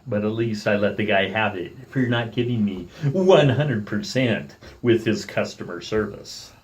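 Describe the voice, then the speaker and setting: A middle-aged man telling a story in a casual vlog, animated and irritated, playing both sides of an argument and calling himself by name in the third person. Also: fairly low pitch, a little slow. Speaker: vlogger.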